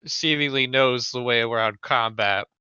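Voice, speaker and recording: A man's voice: medium pitch, moderate pace, bright, forceful tone, smooth, no echo, muffled recording. A man narrating a tabletop game as game master, loose and casual, with lots of fillers and crude asides.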